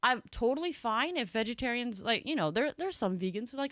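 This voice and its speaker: A woman's voice: fairly high pitch, lively intonation, fairly quick, fairly bright tone, no echo. Chatty young woman with a dry sound. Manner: chatty storytelling with frequent laughter and fillers. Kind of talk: casual chat.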